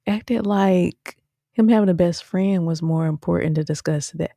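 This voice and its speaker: In a casual show review, a woman chats animatedly to her viewers, calling them "y'all" and tossing in lots of "um" and "okay?" Her voice is on the low side and creaky, at a moderate pace, with no echo.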